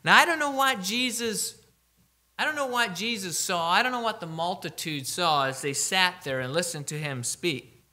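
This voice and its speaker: A man preaching a sermon, emphatic, slowing down to read scripture aloud. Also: high-pitched, expressive, bright, forceful tone.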